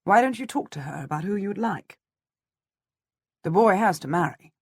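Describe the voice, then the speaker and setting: A woman reading an audiobook, voicing a blunt, matter-of-fact middle-aged nobleman, the heroine's husband, with a husky voice. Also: medium pitch, lively intonation, normal speed, dry recording, clean studio sound.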